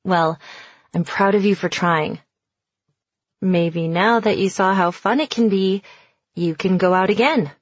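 A woman reading the lines of a curious, hopeful middle-aged mother in a slightly husky voice. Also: medium pitch, a little slow, pauses often, no echo, lightly acted. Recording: dry, slightly dull audio.

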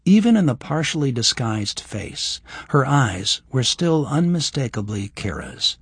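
A man's voice: mid-range voice, a little slow, husky, dry recording. A man narrating a fantasy novel as an audiobook, reading scripted narration. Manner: even storytelling, voices the characters.

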